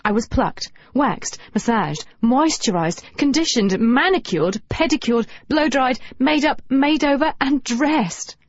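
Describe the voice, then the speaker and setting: A woman narrating a first-person novel in a lively, wry, humorous manner. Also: sits high, measured pace, hardly any pauses, dry recording. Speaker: audiobook narrator. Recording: dull dry audiobook recording.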